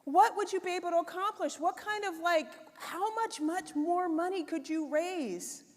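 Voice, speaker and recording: High-voiced woman giving a keynote. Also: moderate pace. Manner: conversational and expressive, with frequent "right?" and "like". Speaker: conference speaker. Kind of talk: conference keynote talk. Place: conference hall. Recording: long hall reverb.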